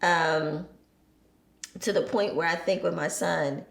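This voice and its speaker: A woman in her forties, a podcast guest, telling animated stories about her children and laughing often. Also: lowish voice, takes it slowly, creaky, echoey room. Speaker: podcast guest, entrepreneur and single mother. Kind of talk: casual chat.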